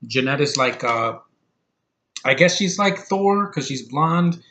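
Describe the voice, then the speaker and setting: A man's voice: a little high, lively intonation, a bit bright, slight background noise. A man giving a casual, rambling movie review, blunt and opinionated, swearing freely and stumbling over fillers and restarts. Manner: halting, with many fillers and restarts.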